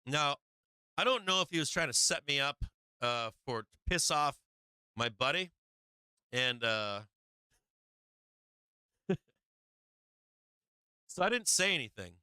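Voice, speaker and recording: A man's voice: on the high side, expressive, slow pace, long pauses, pushed and bright, smooth, dry recording. A man hosting a live stream, telling a rambling, profane story in a casual way, repeating himself and chuckling as he goes. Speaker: live-stream market show host.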